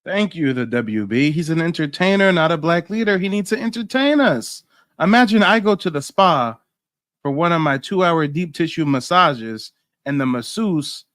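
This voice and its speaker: A man's voice: a little high, fairly bright tone, no echo, clean studio sound. Sarcastic, mocking commentary man. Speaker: commentary channel host.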